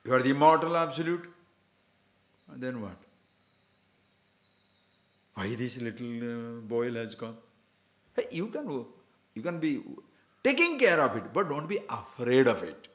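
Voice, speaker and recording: Male spiritual teacher, emphatic discourse style, animated delivery, roomy echo. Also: mid-range voice, unhurried, long pauses. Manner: asks many rhetorical questions, emphatic. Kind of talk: scripture discourse to a class.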